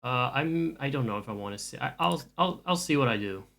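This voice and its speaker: A man's voice: medium pitch, lively intonation, brisk, vocal fry, fairly bright tone. Rambling, joking male streamer. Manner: rambling, dry joking, many restarts. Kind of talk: casual stream chat.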